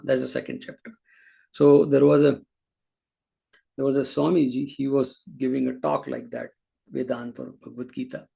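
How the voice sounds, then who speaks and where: A man's voice: medium pitch, steady tone, normal speed, creaky, warm tone, husky. A man teaching a scripture class, explaining patiently with frequent restarts. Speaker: spiritual teacher.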